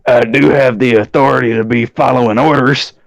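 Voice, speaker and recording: A man's voice: mid-range voice, fairly even intonation, fairly quick, gravelly, no room sound. A man playing a tabletop game, laid-back and joking as he answers for his character. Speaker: player. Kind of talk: casual tabletop role-play.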